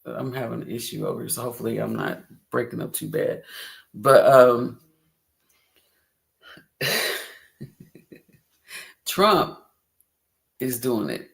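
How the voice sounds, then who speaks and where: A man's voice: medium pitch, slow, vocal fry, long pauses. A man hosting a casual livestream, upbeat and chatty, who laughs often and repeats himself. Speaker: livestream host.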